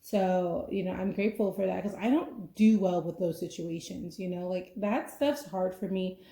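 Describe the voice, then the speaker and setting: A woman's voice: on the low side, steady tone, normal speed, creaky, dark tone. A young adult woman hosting a podcast, chatting casually in a rambling way, full of "like" and "you know". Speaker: podcast host. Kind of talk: casual chat.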